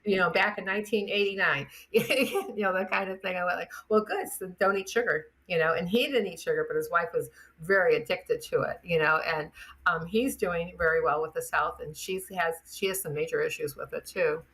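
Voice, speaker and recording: An older woman, a chiropractor guest on a podcast, telling animated anecdotes and acting out the voices of the people in them. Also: fairly low pitch, brisk. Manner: animated, acts out the voices in her stories, laughs often. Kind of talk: anecdotal storytelling.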